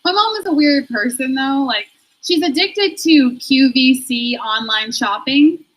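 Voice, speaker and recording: A woman's voice: high-pitched, animated, unhurried, low-quality recording. A woman performing a stand-up comedy set, self-deprecating and laughing through her own jokes.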